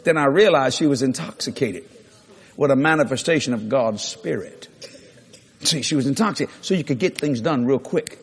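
A middle-aged man, preaching a sermon through lively, laughing anecdotes with sudden jumps in pitch. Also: normal speed, husky. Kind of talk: storytelling sermon.

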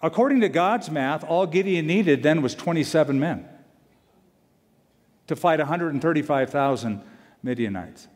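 A male pastor preaching a sermon, animated and emphatic, repeating key lines for weight. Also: a little high, normal speed, long pauses. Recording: long hall reverb.

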